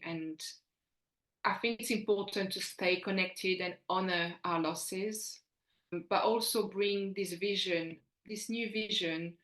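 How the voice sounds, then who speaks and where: A woman's voice: fairly low pitch, fairly bright tone. A woman in her forties, a fertility coach speaking as a podcast guest, earnest and encouraging, often restarting her sentences. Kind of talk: earnest podcast interview talk. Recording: roomy echo.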